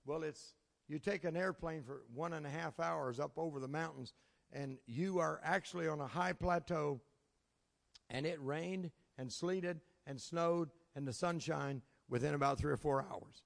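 Here a man's gravelly, slightly high voice moves at a moderate pace through sermon storytelling, sharing folksy anecdotes from his ministry and chuckling along the way. He's in a church sanctuary, captured with the long echo of a big hall.

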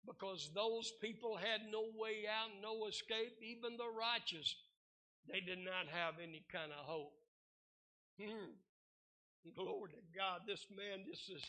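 A man's voice: high voice, pushed and bright. A man with a Southern US accent preaching a fervent sermon as pastor, calling out hallelujahs and amens.

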